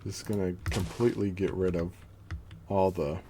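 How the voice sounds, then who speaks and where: A man with a fairly low voice chats through his gameplay stream, narrating each move in a loose, self-amused way and now and then going mock-grandiose. Faint keyboard typing sits under his voice. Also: fairly even intonation, normal speed, noisy background. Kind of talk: casual gameplay commentary.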